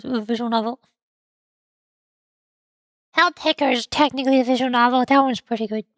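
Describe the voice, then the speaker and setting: A woman's voice: sits high, dry recording, studio quality. A young woman streamer chatting casually and rambling, giggling often and stumbling over her words.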